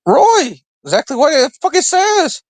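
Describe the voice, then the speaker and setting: A man calling in to a livestream, halting and filling pauses with "uh" and "what's it called". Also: very high-pitched, big pitch swings, no room sound. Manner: hesitant, full of fillers. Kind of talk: casual call-in chat.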